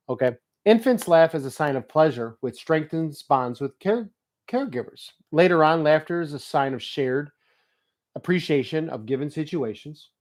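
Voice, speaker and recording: A middle-aged man talking in a casual vlog monologue, telling funny stories, swearing freely and reading notes aloud. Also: medium pitch. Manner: animated storyteller who swears and laughs freely. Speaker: motivational vlogger.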